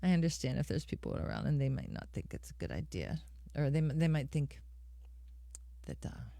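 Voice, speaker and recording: A woman's voice: low-pitched, sing-song, normal speed, gravelly, dark tone, no room sound. A middle-aged woman hosting a live music stream, chatting casually with viewers and calling them by name. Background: guitar accompaniment.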